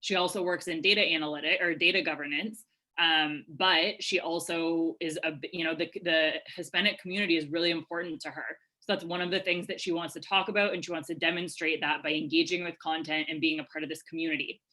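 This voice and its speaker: A woman coaching attendees on a live video-call webinar, her voice bright and a touch low. She talks in an energetic, chatty way, full of fillers and quick asides. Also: low-quality recording. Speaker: webinar presenter answering questions. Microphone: webcam video call.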